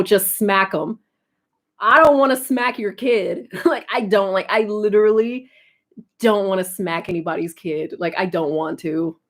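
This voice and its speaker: A young woman streamer with an American accent, chatting casually, telling stories and laughing often. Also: medium pitch. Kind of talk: casual chat.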